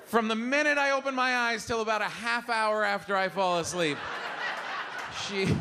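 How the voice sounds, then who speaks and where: A middle-aged man performing a live stand-up routine, animated, acting out the voices of his family. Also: sits high, moderate pace. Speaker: stand-up comedian. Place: comedy club stage. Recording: live club with audible room noise.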